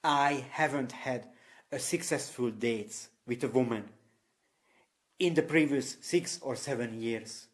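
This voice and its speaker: Man from Eastern Europe telling stories. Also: medium pitch. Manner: candid anecdotal telling, laughs at himself; non-native English with loose grammar. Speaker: vlogger. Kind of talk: personal storytelling to camera.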